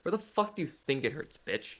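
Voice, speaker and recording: A man doing a gruff cursing warrior. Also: a little high, sing-song, brisk, a bit bright, full character voice. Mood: annoyed. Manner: cursing, blunt, aggressive. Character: gruff foul-mouthed male warrior, confused and angry.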